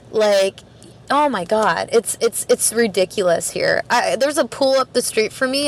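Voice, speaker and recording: A podcast guest from Canada, a woman who works in a record store, chats in a rambling way with lots of fillers and laughs. Her voice is medium-pitched, and there's a little hiss or hum on the recording.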